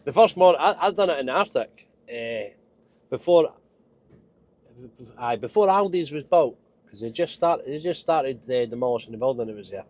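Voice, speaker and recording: A man's voice: mid-range voice, animated, moderate pace, pauses often, a little mellow. A Scottish truck driver with a head cold and a nasal voice, chatting wryly and mocking himself as he drives. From Scotland. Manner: chatty, self-mocking, wry. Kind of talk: casual driving vlog. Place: truck cab.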